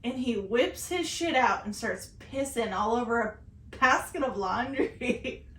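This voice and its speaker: A woman from Southern Indiana co-hosting a podcast, telling a story in casual chat, animated and swearing freely. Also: on the high side, unhurried, reverberant. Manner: animated, swears freely, shouts when retelling. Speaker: podcast co-host.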